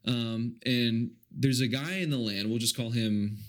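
A man, a podcast guest, improvising a comedy film pitch in a rambling, animated way with many fillers. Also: measured pace.

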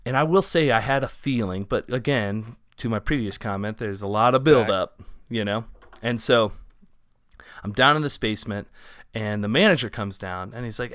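A man from Ohio, co-hosting a podcast, tells a story in a rambling, casual way full of fillers, and grows animated as it builds. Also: on the low side, normal speed, no room sound, studio quality. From Ohio, USA. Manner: rambling, filler-heavy, animated when excited. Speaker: podcast co-host.

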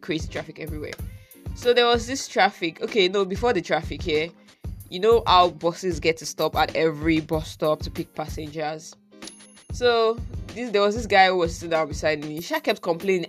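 Nigerian-accented vlogger, casual storytime, exasperated and chatty, soft music underneath. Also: medium pitch, a little fast. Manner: chatty, exasperated, mixes in pidgin slang.

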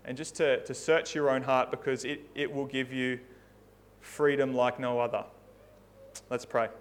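A man's voice: mid-range voice, level tone, moderate pace. A man preaching a sermon in a church, earnest and conversational, often restarting his phrases. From Australia. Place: church hall.

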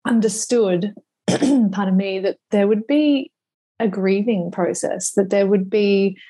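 A woman in her thirties, a podcast guest speaking slowly and reflectively, at times emotional. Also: mid-range voice, darkish tone, husky. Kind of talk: conversational interview.

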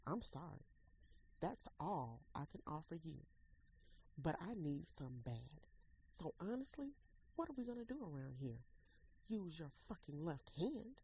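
A woman's voice: low voice, big pitch swings, unhurried, pauses often, dark tone, slight background noise, heavily acted, poor audio. A woman voicing a cold, demanding husband. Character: stern blunt husband, adult man.

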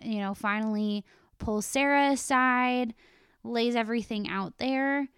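A young woman co-hosting a podcast, retelling a reality show episode in casual, animated chat. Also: fairly high pitch, a little slow, clean tone, dry recording, clean studio sound. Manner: animated storytelling, laughs often. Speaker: podcast co-host.

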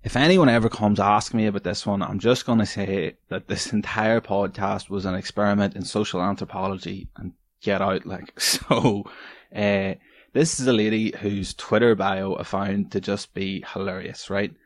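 A man's voice: on the low side, fairly even intonation, normal speed. A young man hosting a casual solo podcast, stoned, rambling and swearing with frequent laughter. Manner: rambling, profane, laughing often. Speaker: podcast host.

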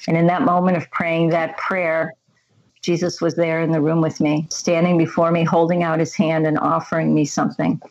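A woman speaks in a low, steady voice that barely rises or falls. She tells her story earnestly and reflectively, like a guest recounting her own experience. The sound is a little dull, as if recorded on modest equipment. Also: normal speed. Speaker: interview guest. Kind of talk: personal faith testimony.

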